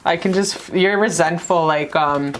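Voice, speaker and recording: A woman's voice: a little slow, slight background noise. A woman giving a casual love tarot reading to the camera, chatty and blunt, swearing freely and calling her viewers "you guys". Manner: animated, jumps in pitch for emphasis. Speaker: tarot card reader.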